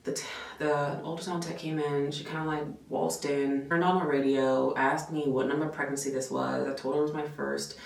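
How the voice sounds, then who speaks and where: A woman with a low voice tells a casual vlog story in an animated, expressive way. She swears freely and fills her talk with "like." The sound is roomy and echoey, picked up from a distance, with faint noise underneath. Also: normal speed, creaky. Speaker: vlogger and nurse.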